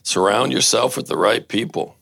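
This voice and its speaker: Older male pastor, gravelly voice, playful storyteller who jokes with the crowd. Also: on the low side, normal speed, dry recording. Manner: lively storyteller, banters and laughs with the audience. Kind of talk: casual sermon with a read-aloud story.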